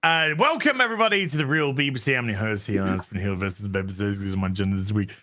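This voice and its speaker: Lively bright-voiced male host. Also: on the low side, quick pace. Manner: jokey, mimics accents. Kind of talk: casual chat.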